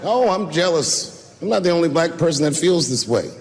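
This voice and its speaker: Male stand-up comic on stage, bit high, lively pitch, shouts punchlines, laughing crowd. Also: normal speed, big-room sound, a little hiss or hum. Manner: loose, animated storytelling with sudden shouts and put-on voices. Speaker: stand-up comedian. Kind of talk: stand-up comedy set. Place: stage before a laughing audience.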